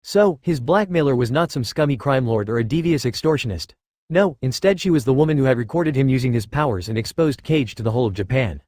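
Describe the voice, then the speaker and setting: Male narrator for a story reading: steady and even, dry recording. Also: mid-range voice, quick pace, no room sound. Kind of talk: scripted narration of fan fiction.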